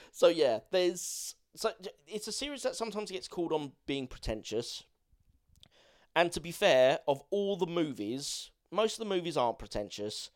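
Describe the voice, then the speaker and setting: A man co-hosting a podcast, reviewing a film in casual, rambling chat and swearing now and then. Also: a little high. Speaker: podcast co-host.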